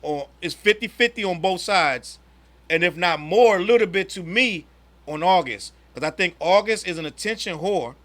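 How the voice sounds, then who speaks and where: A man co-hosting a casual podcast chat, telling a story in an animated way with quick restarts. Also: high voice. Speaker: podcast co-host.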